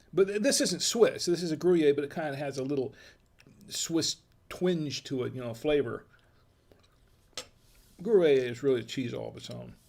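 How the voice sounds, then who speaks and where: American guy with a slightly high voice, folksy wine review chat, mumbles between sips. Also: vocal fry, darkish tone, slightly rough. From United States. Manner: chatty, folksy, murmuring while tasting. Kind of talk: casual tasting chat.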